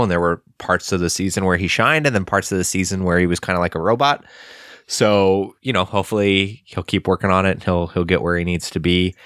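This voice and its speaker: Deep, smooth man, easygoing podcast co-host, dry mic. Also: fairly bright tone, no room sound. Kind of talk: casual review chat.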